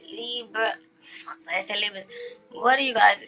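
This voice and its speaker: A woman giving a casual tarot reading to her viewers. She is chatty and animated, often checks in with "okay?", and slows down to stress her points. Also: fairly high pitch, creaky, soft background music. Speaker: tarot reader.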